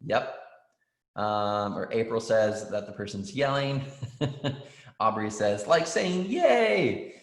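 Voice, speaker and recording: A man's voice: lowish voice, slow pace, pauses often. A man teaching an online writing class for children, encouraging and reading out student answers with frequent ums. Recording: roomy echo.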